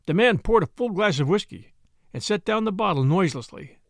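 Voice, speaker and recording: A man reading a story aloud in an expressive, varied narration. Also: high voice, a little fast, vocal fry, dry recording, studio quality.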